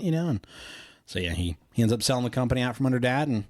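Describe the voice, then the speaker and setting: A man's voice: mid-range voice, fast talker, no echo, studio quality. A man co-hosting a podcast, retelling a film in a casual, rambling way, with lots of "you know" and "like". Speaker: podcast co-host.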